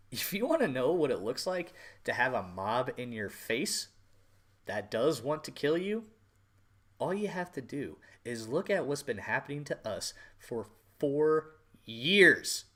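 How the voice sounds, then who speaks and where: A man's voice: mid-range voice, big pitch swings, measured pace. A man hosting a podcast, delivering an angry, profane political rant with emphatic repetition. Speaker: podcast host.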